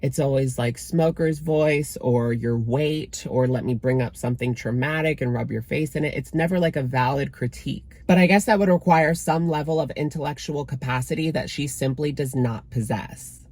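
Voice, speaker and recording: A man's voice: medium pitch, moderate pace, hardly any pauses, darkish tone, no room sound. Guy doing drama commentary, sarcastic and dismissive, just chatting casual. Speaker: commentary channel host.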